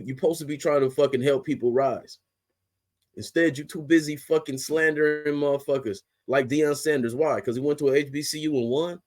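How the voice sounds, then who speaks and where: Heated cussing sports podcast host. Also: male voice, a little high, a little mellow. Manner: heated, blunt, heavy swearing, rising to outbursts. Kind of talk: profane ranting commentary.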